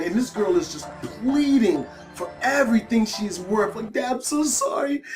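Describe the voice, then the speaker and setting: A man telling a wild personal story in casual, profane storytime style, full of slang fillers. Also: high voice. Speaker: storytime YouTuber.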